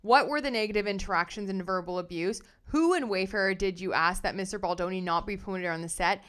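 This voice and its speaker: A woman hosting a casual commentary show, reading viewer comments in an animated, sassy way with slang. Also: mid-range voice, moderate pace, few pauses, clear, resonant tone. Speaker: commentary host.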